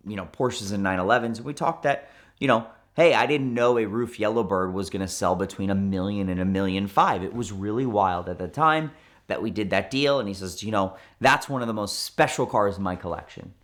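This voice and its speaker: A man in his thirties, a car dealer, telling a story with lively restarts and acted-out dialogue. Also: lowish voice, a little fast. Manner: animated, many restarts and quoted dialogue. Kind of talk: storytelling interview.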